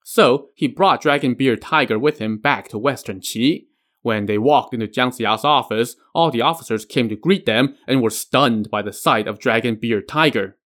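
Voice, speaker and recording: A man's voice: mid-range voice, normal speed, a bit bright. A man hosting a podcast, retelling a legend with casual asides. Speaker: podcast host. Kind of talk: storytelling narration.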